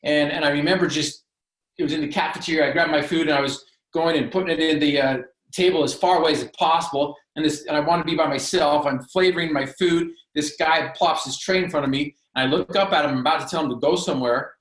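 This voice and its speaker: A man's voice: a little high, fairly even intonation, quick pace, fairly bright tone. Earnest man telling a motivational story. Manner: earnest, emphatic, alliterative phrasing. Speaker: podcast guest. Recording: roomy echo.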